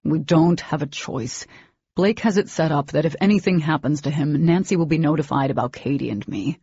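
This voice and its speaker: Lady doing a stern young guy, firm, low husky voice. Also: brisk, mellow, no echo. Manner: firm, commanding. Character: stern young man, protective older brother. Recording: dull lo-fi recording.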